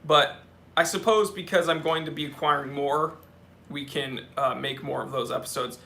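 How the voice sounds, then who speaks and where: A man's voice: on the high side, fairly even intonation, normal speed, gravelly, bright, forceful tone. A young man hosting a live-stream watch Q&A, chatty and off the cuff, reading out viewer comments and answering them. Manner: chatty, answers questions off the cuff, talks to his cats. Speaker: watch channel host.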